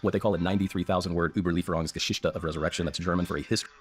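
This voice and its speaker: Speaking rapid-fire in a deep voice with fairly even intonation, an American man explains things and shares stories as a scholarly interview guest, clearly eager about his subject.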